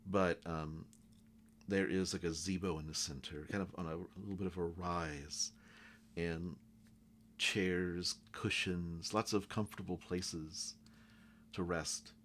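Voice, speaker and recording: A man narrating as game master of a tabletop game, in loose, halting descriptions. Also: low-pitched, fairly even intonation, fairly bright tone, a little hiss or hum.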